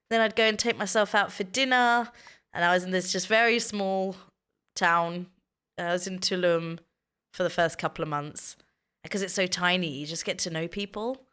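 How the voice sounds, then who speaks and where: A woman sits and chats with her stream audience in a relaxed, rambling way. Her voice sits a little low for a woman. She tells stories and answers questions in an easy, conversational tone. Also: clear, resonant tone. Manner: chatty storytelling, reading chat aloud. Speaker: streamer chatting with viewers. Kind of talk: casual chat.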